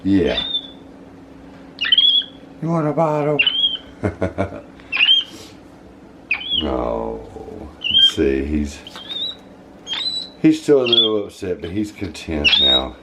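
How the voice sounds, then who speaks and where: A man's voice: deep voice, wildly swooping pitch, very slow, pauses often, very noisy. A man vlogging while bathing his pet monkey, soothing it with cooing baby talk. He narrates casually in a bathroom.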